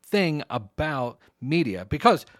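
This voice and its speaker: A man's voice: fairly high pitch, big pitch swings, slow pace, fairly bright tone, no room sound, studio quality. A man co-hosting a podcast, chatting casually and teasing his co-host. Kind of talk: casual chat.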